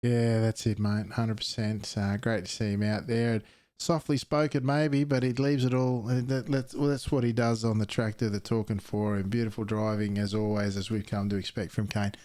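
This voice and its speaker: A man's voice: fairly low pitch, little pitch movement, normal speed, darkish tone, no room sound, clean studio sound. A man, commentating sim racing and interviewing a driver in an upbeat, chatty way. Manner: upbeat, keeps saying "beautiful" and "mate". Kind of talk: post-race interview and commentary.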